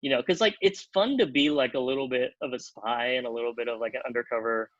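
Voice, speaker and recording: A man telling a long anecdote on a podcast, animated, acting out the other people in pitched-up voices and leaning on "like" as he talks. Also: fast talker, no echo, dull audio. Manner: animated, acts out quotes in pitched-up voices, many "like" fillers. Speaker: podcast guest, TV comedy writer. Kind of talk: casual storytelling.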